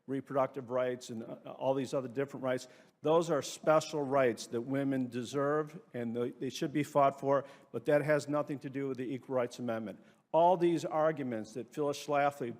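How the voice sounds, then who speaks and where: A man gives an emphatic, argumentative speech at a briefing. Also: medium pitch. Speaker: speaker at a briefing. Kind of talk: public speech. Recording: long hall reverb, faint crowd.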